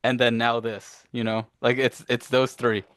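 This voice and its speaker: A man's voice: medium pitch, little pitch movement, moderate pace, fairly bright tone, dry recording. A young man co-hosting a casual sports podcast, laid-back, laughing and swearing casually. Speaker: podcast co-host. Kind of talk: casual chat.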